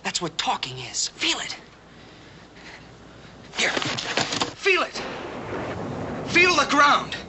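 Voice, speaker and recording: An actor playing a patient man who coaxingly teaches a deaf girl sign language, repeating single words slowly, in 1960s TV western acting. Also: mid-range voice, expressive, natural voice. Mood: overjoyed. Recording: noisy old TV soundtrack.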